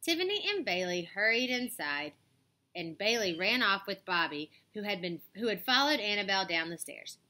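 A woman reads a children's chapter book aloud with expressive, animated storytelling. Her voice is bright and swings widely in pitch. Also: moderate pace. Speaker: storybook reader.

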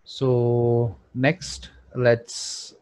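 A man's voice: medium pitch, monotone, very slow, darkish tone, dry recording. A man thinking aloud with frequent fillers as he narrates a screen-recorded design tutorial. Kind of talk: screen-recorded software walkthrough.

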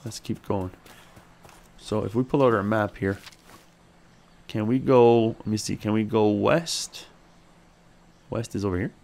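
A man hosting a let's play, chatting as he plays, thinking aloud and talking to his character, with sudden excited high exclamations. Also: measured pace, gravelly, pauses often. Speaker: gaming channel host.

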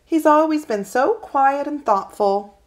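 A woman voicing a gentle, loving mother who speaks softly and soothingly. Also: high voice, lively intonation, unhurried, voice pushed up. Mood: tender. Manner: soft, soothing, comforting.

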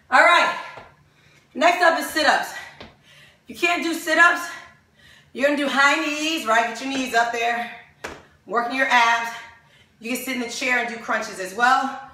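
A woman's voice: high-pitched, unhurried, long pauses, bright, forceful tone, heavy reverb, far from the mic. A woman leading a home fitness workout, counting reps aloud and cheering people on, often out of breath as she exercises. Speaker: fitness instructor. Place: home room with dogs.

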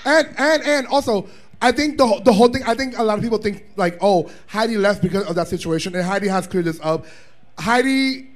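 A man with a very high speaking voice tells a story in an animated way. He is loud and cheeky, swears freely, and laughs as he goes, like someone on a panel at a bar viewing party. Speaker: drag performer guest. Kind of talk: animated live panel chat.

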